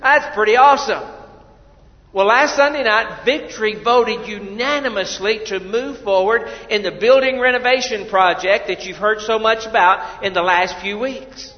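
A male pastor with a high-pitched voice preaches at a moderate pace in a church sanctuary, earnest and conversational, repeating his words and questioning the congregation. The audio is dull, with long hall reverb.

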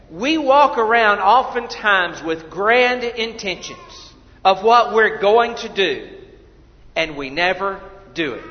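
A male pastor preaching a sermon in a church, earnest and conversational, repeating his words and asking the congregation questions. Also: high-pitched. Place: church sanctuary. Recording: dull audio with long hall reverb.

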